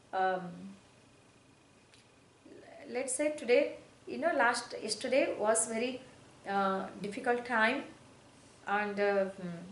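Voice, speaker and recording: A woman giving spiritual instruction on meditation, speaking in slow, repetitive phrases with hesitations and soft, falling affirmations. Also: on the high side, roomy sound, slight background noise, rough recording. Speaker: spiritual teacher. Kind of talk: guided meditation teaching.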